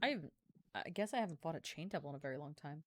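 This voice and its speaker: A woman playing a tabletop game, wry and quick to laugh. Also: deep voice, expressive. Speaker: player.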